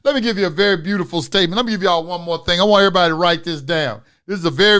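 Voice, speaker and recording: Man, high-pitched voice, profane preachy lecturer, loud rants then mutters. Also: very fast, few pauses, smooth. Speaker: instructor of an online class. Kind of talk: live online lecture.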